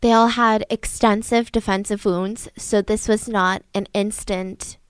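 A woman's voice: medium pitch, fairly even intonation, measured pace, smooth, no room sound. A young woman hosting a podcast, recounting a true-crime case in a casual, chatty way full of fillers. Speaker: podcast host.

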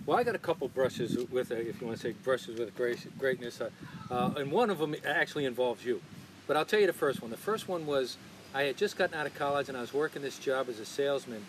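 A man telling sports stories in a casual chat, animated and acting out the people he quotes. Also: medium pitch, fast talker. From Philadelphia area. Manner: animated storyteller, acts out quotes. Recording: noisy background.

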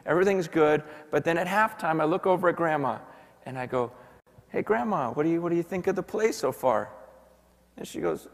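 A man, a pastor, preaching a sermon and telling a story in quoted voices, swinging from hushed to loud. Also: sits high. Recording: long hall reverb.

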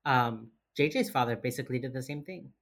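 A woman co-hosting a podcast, casually recapping a TV episode, swearing freely and retelling scenes in quick quoted bits. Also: rumbling low. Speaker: podcast co-host.

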